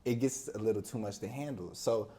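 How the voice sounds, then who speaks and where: A young man, a podcast guest, telling stories from his childhood in a casual, animated way, acting out other people's voices and laughing often. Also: fairly low pitch, brisk. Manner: animated storyteller who acts out friends' voices. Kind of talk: casual storytelling interview.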